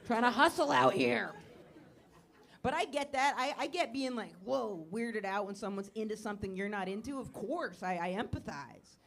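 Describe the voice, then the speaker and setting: A woman's voice: mid-range voice, moderate pace, hardly any pauses, a faint crowd. Neurotic woman doing stand-up. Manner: neurotic, self-deprecating, swings into loud mock panic. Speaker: stand-up comedian. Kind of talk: stand-up set with crowd work. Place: comedy club stage, laughing audience. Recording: live club recording with audience noise.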